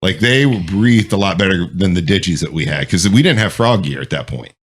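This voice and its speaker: A man's voice: sits low, expressive, brisk, breathy edge. A man, a military veteran, telling rambling, profane anecdotes in casual chat. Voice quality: swears freely, rambling anecdotes.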